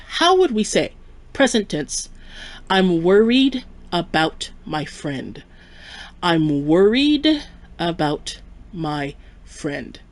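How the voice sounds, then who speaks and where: A woman teaching a live French lesson, explaining clearly and patiently and slowing down to model each French word. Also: on the low side. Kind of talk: live-streamed language lesson.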